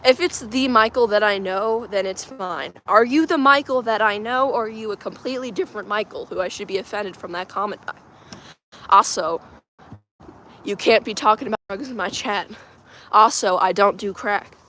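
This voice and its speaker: A chatty woman hosting a casual livestream from home, speaking into her phone. She answers viewers' comments aloud in an easygoing way and laughs often. Her voice sits at a mid pitch. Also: normal speed, bright, forceful tone, slight background noise. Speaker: livestream host.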